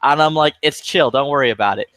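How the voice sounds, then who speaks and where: A man's voice: on the high side, fast talker, smooth, dry recording. A man telling a long, profane story in casual chat, acting out the people in it. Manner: profane, animated anecdote with quoted voices. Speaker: lobby chat regular.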